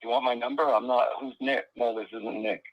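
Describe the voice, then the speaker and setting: A man's voice: mid-range voice, steady tone, a little fast, no echo. A man calling into a live stream who sounds hesitant and gets defensive. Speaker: caller. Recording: dry, dull phone line.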